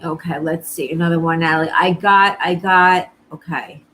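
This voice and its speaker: A woman's voice: low-pitched, fairly even intonation, normal speed, a bit bright, slight background noise, poor audio. A woman psychic medium doing a live-streamed reading, talking to viewers in an earnest, reassuring way and often repeating herself.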